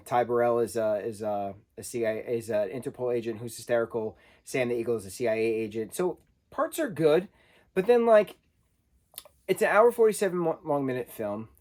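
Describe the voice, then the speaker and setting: A man's voice: mid-range voice, darkish tone. A man giving a casual spoken film review, talking loosely and correcting himself as he goes. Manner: conversational, self-correcting, loosely rambling.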